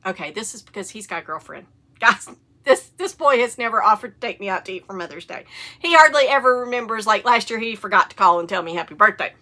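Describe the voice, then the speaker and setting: A middle-aged woman, hosting a casual knitting podcast and telling animated stories, with the occasional cough and hiccup. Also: mid-range voice, fast talker. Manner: chatty, animated storytelling with rising excitement. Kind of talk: casual chat.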